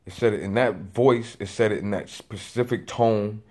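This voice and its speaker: A man's voice: lowish voice, fairly even intonation, moderate pace. A man in his late twenties telling a personal testimony in a rambling, restarting way with lots of fillers. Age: 20s. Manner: says he is a loud talker working on voice control. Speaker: vlogger.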